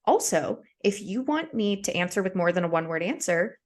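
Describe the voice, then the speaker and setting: A woman's voice: fairly low pitch, animated, fairly quick. A woman co-hosting a podcast, talking bluntly and sassily in casual chat about dating apps. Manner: blunt, sassy and direct, swears. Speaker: podcast co-host.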